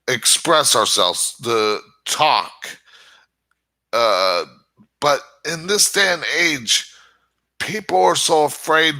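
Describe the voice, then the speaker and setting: A man's voice: mid-range voice, pushed and bright. A man hosting his own channel, giving a rambling casual monologue and often stammering over restarts. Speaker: channel host.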